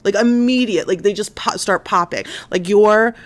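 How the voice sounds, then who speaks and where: A woman's voice: medium pitch, normal speed. A woman hosting a livestream, retelling a crime story in casual chat, full of fillers and acted-out quotes. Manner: chatty, many fillers, acts out quotes. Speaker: stream host. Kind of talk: casual true-crime recap.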